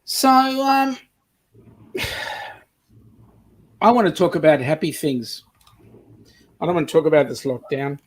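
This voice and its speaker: A man's voice: a little high, big pitch swings, slow, long pauses, low-quality recording. A man from Melbourne with an Australian accent, hosting a casual livestream chat in a chatty, teasing way. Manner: chatty, teasing, laughs often. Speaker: host.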